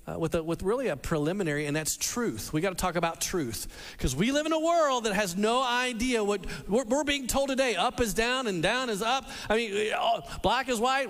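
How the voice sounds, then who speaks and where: Lively high-voiced male preacher. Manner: animated, repeats words as he restarts, acts out quotes. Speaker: pastor. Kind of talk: sermon. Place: church hall with a congregation. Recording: long reverb of a large hall.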